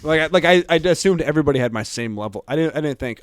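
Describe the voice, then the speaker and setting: A man hosting a casual podcast chat, talking haltingly and repeating words as he searches for them. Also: a little high, animated, smooth, no room sound, clean studio sound. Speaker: podcast host.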